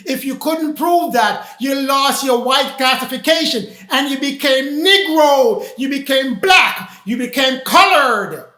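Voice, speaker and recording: High, slow, emphatic preacher in an echoey room. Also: animated. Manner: emphatic, repetitive, declaiming with raised shouts. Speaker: religious teacher. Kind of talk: preaching lecture. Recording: roomy echo.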